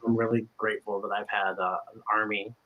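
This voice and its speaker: Emotional man with a bright voice. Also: fairly low pitch, little pitch movement, rough recording. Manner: emotional, halting, with many restarts. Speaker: guest performer. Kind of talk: casual livestream chat.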